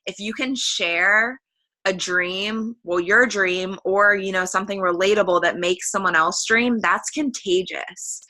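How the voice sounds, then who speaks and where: Bright-voiced woman leading a call. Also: mid-range voice, measured pace. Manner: encouraging, casual. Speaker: call leader. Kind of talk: casual group video call.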